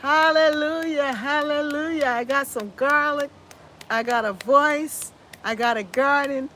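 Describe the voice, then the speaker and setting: A woman's voice: high-pitched, measured pace, sharp tone. A woman with a scratchy voice hosting a casual gardening livestream, chatting to viewers and reading their comments, effusive and upbeat with lots of repeated phrases and exclamations of hallelujah. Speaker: gardening channel host.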